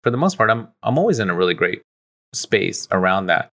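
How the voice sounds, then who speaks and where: A man's voice: sits low, very animated, fairly quick, fairly bright tone. A man speaking as a podcast guest in casual conversation, reflective and easygoing, with many "like" fillers.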